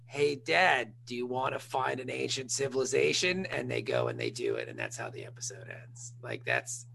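A man's voice: mid-range voice, big pitch swings, moderate pace, gravelly, sharp tone, slight background noise. A man co-hosting a podcast, recapping a TV episode in casual, jokey chat and laughing often. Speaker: podcast co-host.

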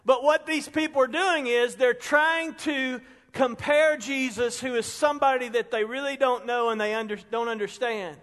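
A man preaching a storytelling sermon as a pastor, chatty and conversational, building his stories up to loud peaks. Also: extremely high pitch, steady tone, normal speed. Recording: long reverb of a large hall.

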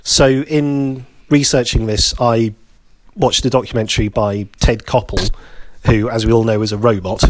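A man's voice: medium pitch, fairly even intonation, normal speed. Casual man telling a story. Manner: conversational, repeats phrases, acts out quoted lines. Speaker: podcast co-host telling a history story.

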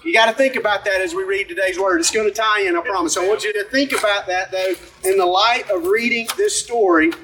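Male pastor, high bright voice, chatty sermon, heard a little off-mic. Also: recorded from a distance, slight background noise, rough recording. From Alabama. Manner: conversational, asks the congregation questions.

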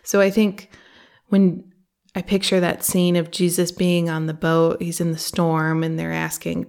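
Soft-spoken woman with a gravelly low voice. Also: monotone, measured pace. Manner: earnest, conversational, quotes scripture and books aloud. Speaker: podcast host. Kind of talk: reflective faith podcast talk.

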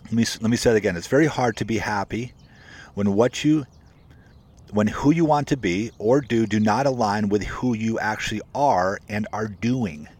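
A man's voice: lowish voice, moderate pace, darkish tone, husky. A man giving a casual motivational talk to his viewers and coaching real estate agents. He talks in a conversational, emphatic way, repeats his points and keeps calling his listeners "guys". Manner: greets viewers by name while talking.

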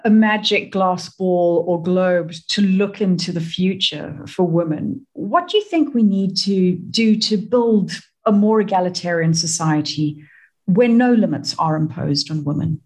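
A woman's voice: fairly low pitch, darkish tone. Woman radio host asking reflective questions. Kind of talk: radio interview.

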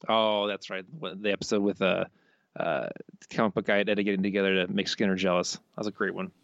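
A man's voice: low voice, steady tone, a little fast, creaky, fairly bright tone, no echo, muffled recording. A man co-hosting a podcast, reading listener quotes in casual chat, amused and often laughing. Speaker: podcast co-host.

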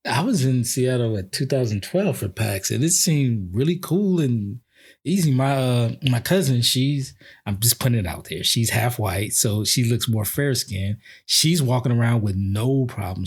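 A man in casual podcast chat, relaxed and asking questions. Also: mid-range voice, measured pace, breathy edge. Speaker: podcast co-host.

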